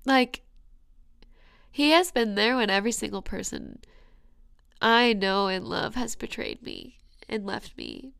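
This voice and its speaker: Earnest young woman with a gravelly edge. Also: medium pitch, wildly swooping pitch, unhurried, long pauses, fairly bright tone, no echo, clean studio sound. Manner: earnest and emotional, often dropping to a whisper. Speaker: podcast host. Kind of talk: personal faith podcast monologue.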